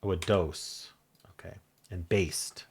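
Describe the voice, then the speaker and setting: A man thinking aloud as he solves a crossword, muttering in halting self-talk with half-voiced asides. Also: low voice, fairly even intonation, slight background noise. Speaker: crossword solving channel host. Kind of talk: thinking aloud while solving a puzzle.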